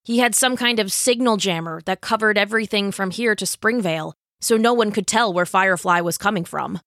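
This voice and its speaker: A woman voicing a kind, gentle teenage boy friend in an audiobook, speaking with concern. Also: medium pitch, brisk, no room sound, clean studio sound, close to an everyday voice.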